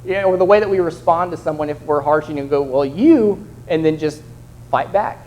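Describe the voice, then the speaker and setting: A man's voice: fairly high pitch, fast, darkish tone, poor audio. A young man preaching a sermon in a conversational way, acting out the voices of the people in his examples. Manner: conversational, acts out quoted voices.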